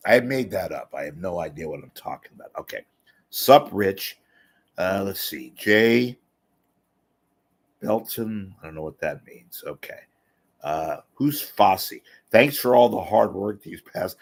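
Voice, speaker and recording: Husky and fairly low, this man's voice is animated but unhurried as he hosts his show. His casual monologue mixes self-deprecating grumbling with a plea for donations, and he reads out comments from viewers.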